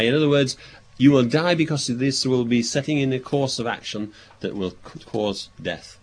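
A man preaching a sermon, reading verses aloud and explaining them, thinking aloud with pauses and restarts. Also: mid-range voice, a little hiss or hum. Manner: expository, reads scripture aloud and explains it.

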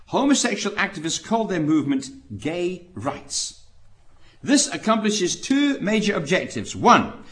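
A man preaching, telling stories dramatically and asking rhetorical questions, swinging between loud emphasis and quiet asides. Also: on the high side. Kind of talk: preaching talk.

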